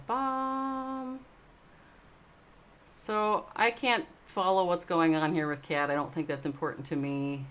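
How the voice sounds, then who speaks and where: This livestream host, who owns an esports organization, delivers an emotional monologue in a lowish voice, speaking straight to her chat and calling viewers by name. She lurches between loud, emphatic bursts full of swearing and slow, soft moments of reflection.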